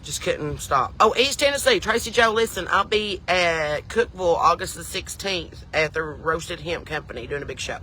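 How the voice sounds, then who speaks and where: Drawling Southern woman, bright and forceful. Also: lowish voice, expressive, normal speed, hardly any pauses, slight background noise. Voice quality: thick drawl. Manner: rambling, folksy asides. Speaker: comedian. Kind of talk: chatty comedic storytelling.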